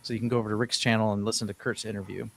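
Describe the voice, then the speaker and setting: A man's voice: lowish voice, level tone, racing, gravelly, a little hiss or hum. A man hosting a casual live-stream chat, rambling a little, restarting phrases and reading viewers' questions aloud. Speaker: host.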